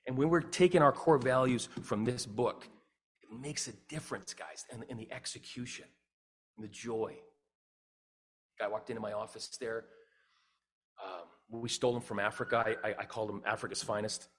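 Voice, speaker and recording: A middle-aged man giving a humorous storytelling talk as a speaker and singer, animated and acting out dialogue. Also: normal speed. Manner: animated, acts out dialogue with big pitch jumps.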